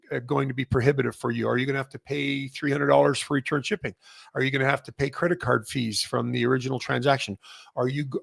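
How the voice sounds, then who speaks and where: Middle-aged male host from Canada, gravelly tone, rambling chatty delivery, dry recording. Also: a little high, a bit bright, no echo. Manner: rambling, many fillers and restarts. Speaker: massage chair retailer and host. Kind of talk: casual industry update monologue.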